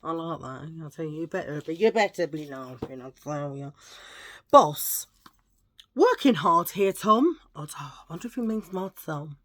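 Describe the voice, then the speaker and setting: A middle-aged woman chatting casually to camera as a vlogger, playful and prone to hushed asides. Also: low-pitched, fairly quick, few pauses.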